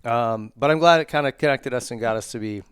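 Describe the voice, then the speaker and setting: A man's voice: mid-range voice, fast, smooth, dry recording. A man hosts a podcast, chatting casually with an eager, slangy manner. His voice sits in a middle register, and the sound is dry and close to the mic. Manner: enthusiastic, slangy, says dude and rad a lot. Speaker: podcast host. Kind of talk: casual chat.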